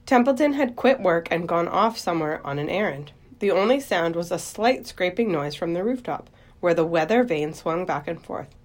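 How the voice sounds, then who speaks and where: A woman reading a children's book aloud in a gentle, expressive storytelling voice. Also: fairly low pitch, moderate pace.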